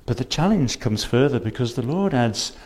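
Animated and slightly mellow, a medium-pitched male voice delivers a church sermon at normal speed. It's full of earnest, urgent appeals and repeated rhetorical questions, with scripture quoted in antiquated wording.

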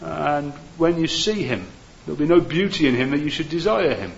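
A man preaching a sermon, earnest and gentle, with many "uh" fillers. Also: a little high, animated, moderate pace, gravelly, highs cut off.

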